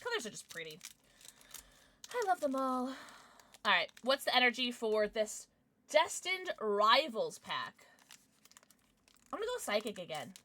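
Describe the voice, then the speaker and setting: A bubbly young woman livestreaming, her fairly high voice bouncing all over the place. She chats casually with her viewers and breaks into gasps and squeals when something excites her. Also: a little slow, long pauses. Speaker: streamer.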